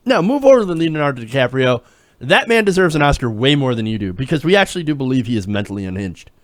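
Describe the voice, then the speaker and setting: A man's voice: a little high, no echo. A man hosting a live political talk show, casual and sarcastic, reacting to clips. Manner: sarcastic, loose, laughing at clips. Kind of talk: casual live-stream commentary.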